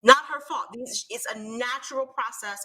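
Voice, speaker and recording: A woman's voice: on the high side, moderate pace, sharp tone, rough recording. A woman co-hosting a live panel talk show, explaining her point emphatically and stressing key words. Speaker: co-host.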